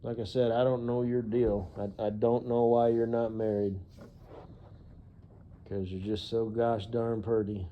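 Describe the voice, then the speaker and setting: A man's voice: mid-range voice, level tone, a little slow, phone-quality sound, slight background noise. A man vlogging in a casual, rambling monologue, profane and full of "you know" fillers.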